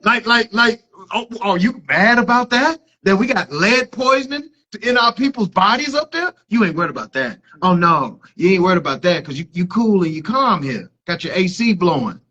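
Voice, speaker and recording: A man's voice: high voice, big pitch swings, a little fast, hardly any pauses, sharp tone. A man reading scripture and then preaching emphatically, often repeating a question for emphasis. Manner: emphatic, repeats "you understand?". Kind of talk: preachy discussion. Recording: dull lo-fi recording.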